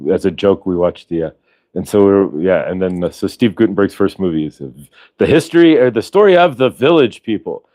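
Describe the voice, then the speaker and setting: A man's voice: low-pitched, expressive, a little fast, darkish tone, no room sound. A male show host from Ohio chatting casually, rambling through tangents with frequent restarts. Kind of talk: casual chat.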